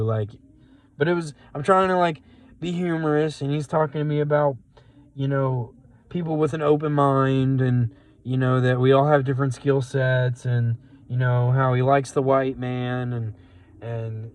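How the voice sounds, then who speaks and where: A man's voice: mid-range voice, fairly even intonation, normal speed, dry recording, poor audio. A man who drives rideshare, telling a rambling story in a casual vlog, full of fillers and quoted lines, speaking into a phone in his car. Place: in a car at a gas station.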